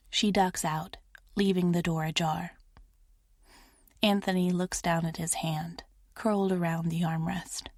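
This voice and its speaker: A woman narrating a first-person romance audiobook in a soft, measured, intimate manner. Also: lowish voice, fairly even intonation, no room sound, clean studio sound.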